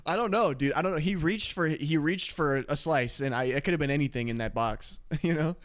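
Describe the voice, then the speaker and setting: A man's voice: fairly high pitch, a little fast. A young man co-hosting a podcast, telling a rambling, profane story full of laughter in casual chat. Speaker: podcast co-host.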